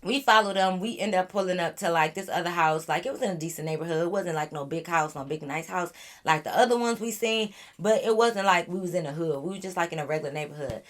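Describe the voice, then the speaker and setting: A woman with a somewhat low voice tells a storytime on her vlog. She talks casually and animatedly in loose slang. She throws in swearing and irritated asides. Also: quick pace. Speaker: vlogger.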